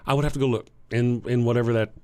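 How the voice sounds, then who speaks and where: A man with a Texan accent chats loosely on a livestream, reading out viewer comments and thinking aloud. His voice sits at an ordinary middle pitch, and he speaks haltingly, with many restarts and chuckles. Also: steady tone, dark tone, clear, resonant tone. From Texas. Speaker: livestream host.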